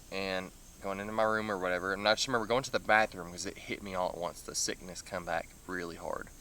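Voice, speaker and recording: Rambling man with a bright voice. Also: lowish voice, slight background noise. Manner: rambling, full of "like" fillers, nervous laughs. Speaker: vlogger. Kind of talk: casual storytelling.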